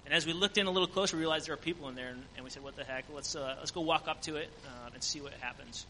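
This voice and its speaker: A man's voice: a little high, rapid-fire, bright, forceful tone, big-room sound, a little hiss or hum, low-quality recording. A man giving an earnest church testimony about a mission trip, full of fillers. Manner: earnest storytelling with frequent fillers. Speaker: mission trip team member.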